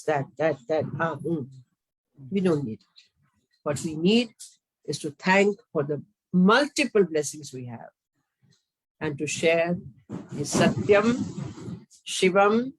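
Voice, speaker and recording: A woman from India with an Indian accent, giving a formal lecture as a classical dancer, with emphatic delivery and sweeping swings in pitch. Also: very animated, slow, long pauses, slightly rough, poor audio.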